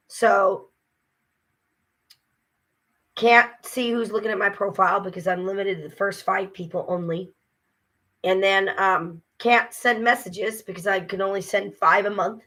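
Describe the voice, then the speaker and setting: A woman's voice: mid-range voice, a bit bright. A tired woman ranting casually to camera, frustrated and swearing as she vents. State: exhausted. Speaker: vlogger. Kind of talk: casual vlog rant.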